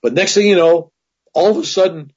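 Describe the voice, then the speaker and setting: A man's voice: high voice, a little fast, a little mellow, husky. A man casually telling a personal story as an interview guest, rambling, with many restarts and asides. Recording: dull lo-fi recording.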